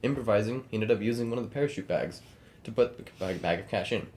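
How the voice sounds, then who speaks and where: Podcast co-host, male, brisk script reading, storyteller cadence. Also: lowish voice, a little hiss or hum. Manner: quick, reads script in steady storytelling cadence. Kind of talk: casual podcast chat and read narration.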